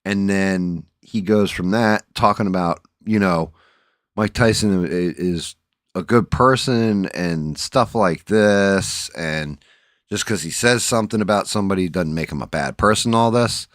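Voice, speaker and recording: Deep-voiced, rambling, profane male streamer. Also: a little slow, no echo, studio quality. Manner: rambling, blunt and profane, with frequent restarts. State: groggy, just woke up. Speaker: livestream host. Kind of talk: casual livestream chat.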